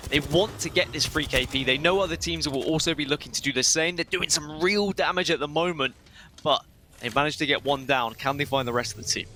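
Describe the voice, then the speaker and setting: A young British man giving analytical color commentary on an esports match, steady but rising at big plays. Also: fairly high pitch, fairly quick, a little hiss or hum. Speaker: esports caster.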